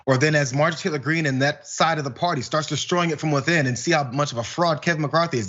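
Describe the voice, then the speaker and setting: Husky-voiced man with blunt opinions. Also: fairly high pitch, fast talker, few pauses, fairly bright tone, highs cut off. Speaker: guest co-host. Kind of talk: casual news commentary.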